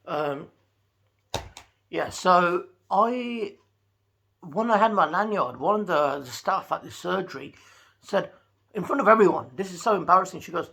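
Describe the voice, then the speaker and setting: A man telling a chatty, animated story to camera from his home. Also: high voice, measured pace, gravelly, pauses often, husky. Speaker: vlogger. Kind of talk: casual talking-to-camera vlog.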